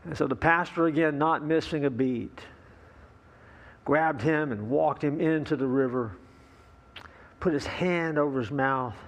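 A man's voice: fairly high pitch, a little slow, pauses often. A male pastor preaching a sermon, opening with a folksy joke, with fillers and easy asides.

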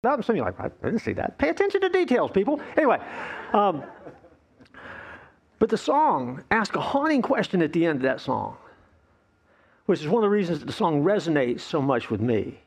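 Husky, lively man preaching a sermon. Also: high voice, moderate pace, pauses often. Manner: animated and playful, acts out voices of complainers. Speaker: pastor.

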